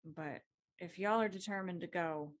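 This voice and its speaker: A woman's voice: fairly low pitch, normal speed. A woman playing a tabletop role-playing game, earnest and protective of the group. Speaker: player.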